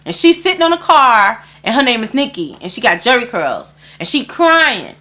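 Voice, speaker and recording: A woman guest in an interview, telling a story in casual talk, animated and acting out other people's lines, swearing often. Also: fairly high pitch, moderate pace.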